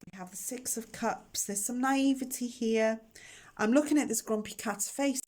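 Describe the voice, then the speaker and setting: On her channel, a tarot reader hosts a casual session to camera, speaking chattily and emotionally straight to her viewers. Her voice is fairly high with a darkish tone at a moderate pace, recorded indoors through a camera microphone.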